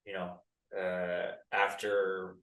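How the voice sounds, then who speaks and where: A man's voice: sits low, completely flat delivery, very slow, fairly bright tone. American dude in his 30s telling soccer stories, super casual, lots of like and dude, sounds kinda far off and roomy. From United States. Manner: laid-back, lots of "like" and "dude". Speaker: podcast guest, former pro soccer player. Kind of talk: casual podcast storytelling. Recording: roomy, set back from the mic.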